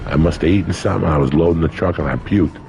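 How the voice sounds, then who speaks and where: Gravel-voiced man in his sixties telling blunt stories. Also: extremely low pitch, fast talker, a little mellow, dull audio, soft background music. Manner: profane, blunt storyteller. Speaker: podcast guest. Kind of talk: casual storytelling.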